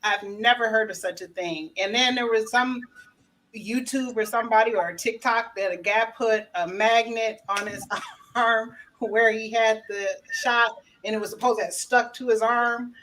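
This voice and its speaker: A woman's voice: fairly high pitch, fairly even intonation, normal speed, fairly bright tone, slight background noise, low-quality recording. A woman co-hosting a casual talk, amused and incredulous while telling a story. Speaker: co-host.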